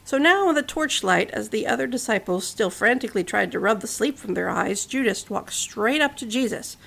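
A woman's voice: fairly high pitch, expressive, normal speed, creaky, fairly bright tone. A woman hosting a podcast, telling a story in a casual narration with chatty asides to the listener.

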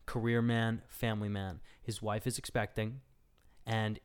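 A man's voice: lowish voice, flat delivery, measured pace, clean tone. A young man hosting a casual podcast, telling a story and joking with his co-host, often breaking into laughter.

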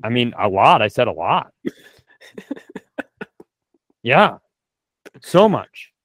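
A man's voice: mid-range voice, big pitch swings, a little slow, a bit bright, no room sound. A man on a podcast doing improvised comedy banter, profane and full of mock threats. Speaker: podcast co-host.

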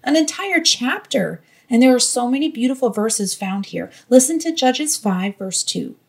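A woman giving a devotional Bible teaching in an earnest, gently encouraging way. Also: on the high side, animated, moderate pace, gravelly, husky.

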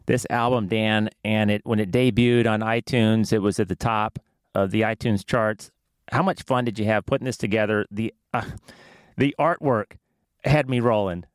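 A man's voice: fairly low pitch, steady tone, normal speed, smooth, no room sound, clean studio sound. A man hosting a podcast interview, laughing along and asking easy questions. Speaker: podcast host. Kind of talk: casual interview chat.

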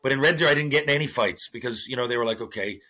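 A man, a former hockey player, telling profane, animated stories in a casual podcast interview. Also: mid-range voice, very fast. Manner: profane, animated storytelling with acted-out quotes.

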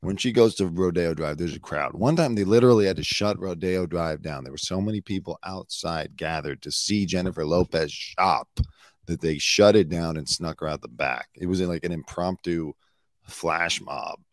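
A man hosting a casual comedy news show, talking bluntly in a hoarse voice, swearing and drifting into asides. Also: sits low, normal speed, dry recording, studio quality. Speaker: show host and former celebrity news producer.

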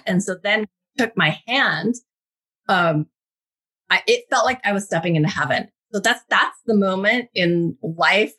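Woman, 30s, guest, low husky voice, animated, casual spiritual storytelling.

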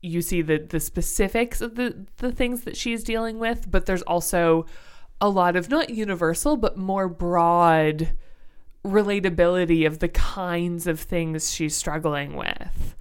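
A woman's voice: on the low side, a little slow, smooth. A young adult woman co-hosting a book podcast, talking casually and thoughtfully, searching for words with many fillers.

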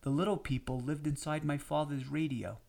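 A man voicing an elderly grandfather who speaks in a clipped, low voice. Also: fairly even intonation, moderate pace, clear, resonant tone, natural voice. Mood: terse. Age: older. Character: stern, elderly grandfather, terse and clenched.

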